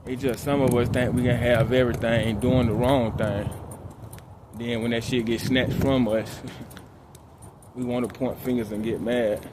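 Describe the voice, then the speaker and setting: A man's voice: mid-range voice, measured pace. Laid-back man vlogging outside. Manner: calm, laid-back, slangy. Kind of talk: casual motivational talk while walking. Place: outdoors at night, walking laps. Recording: outdoor street noise. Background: traffic and outdoor ambience.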